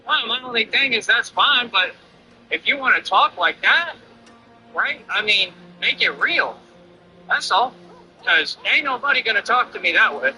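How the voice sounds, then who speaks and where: A man's voice: extremely high pitch, very animated, normal speed, sharp tone, faint music behind, poor audio. A man streamer ranting defiantly and boastfully over his gameplay. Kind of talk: livestream rant over gameplay.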